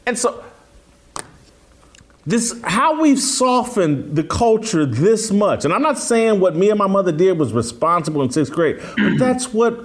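Man, sports talk host, high voice, blunt, emphatic commentary. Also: very animated, a little slow. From Indianapolis, USA. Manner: emphatic, mocking, storytelling.

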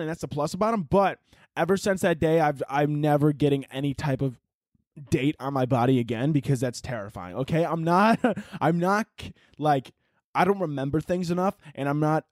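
A man's voice: on the high side, a little mellow, dry recording, clean studio sound. A young man hosting a solo podcast, rambling casually and mocking himself, swearing as he goes. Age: young adult. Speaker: podcast host.

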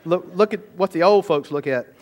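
A man preaching a sermon as pastor, animated and talking straight to the congregation. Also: high voice, moderate pace. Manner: animated preaching, sudden shouts and asides to the congregation.

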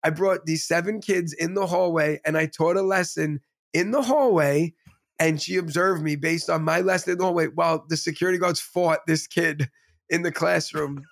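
A teacher co-hosting a podcast tells a story at normal speed in a high voice with a gravelly edge and plenty of vocal fry. He rambles excitedly in casual chat, often restarting his sentences.

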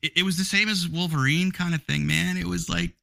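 Excitable man with a bright, lively voice. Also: high-pitched, fairly quick, vocal fry. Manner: excitable, laughing, repeats words. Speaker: podcast panelist reviewing movies. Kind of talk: casual panel chat.

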